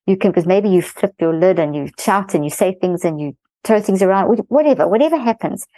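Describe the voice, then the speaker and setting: A middle-aged woman, a guest expert in an interview, explaining a parenting method in fast-flowing, animated talk. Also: mid-range voice, no room sound, rough recording.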